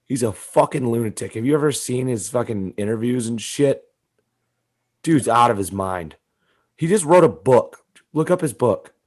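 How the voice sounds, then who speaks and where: A man with a deep gravelly voice, co-hosting a casual comedy podcast, swearing freely and riffing with laughs. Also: lively intonation, moderate pace, a little mellow. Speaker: podcast co-host.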